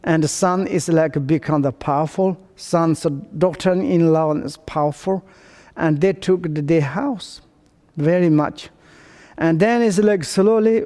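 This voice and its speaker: Slow, mellow man teaching in a reverberant hall. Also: fairly high pitch, clear, resonant tone. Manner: halting non-native English, many fillers and restarts; acts out family quarrels in quoted voices. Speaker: Buddhist teacher. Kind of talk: dharma teaching seminar.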